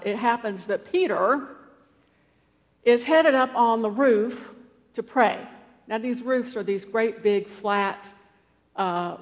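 A woman preacher retelling a scripture story in a conversational way, with asides and fillers. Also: mid-range voice. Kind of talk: storytelling sermon. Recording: long hall reverb.

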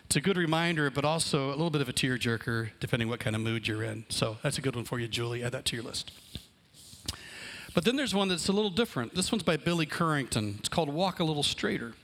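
A man, a pastor and father, preaching a relaxed, conversational sermon to his congregation. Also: mid-range voice, fast. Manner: conversational, explaining plans aloud. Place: church hall with congregation.

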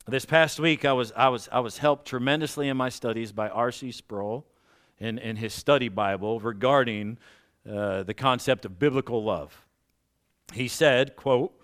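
Pastor preaching, slowing for emphasis. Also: male voice, medium pitch. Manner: slows down for emphasis and rises loudly on key points; self-deprecating asides with light laughs. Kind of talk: sermon.

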